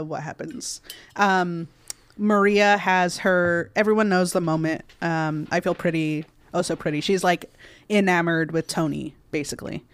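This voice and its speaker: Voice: medium pitch, clear, resonant tone, no room sound. A podcast co-host casually recapping a movie plot, rambling with lots of fillers and restarts.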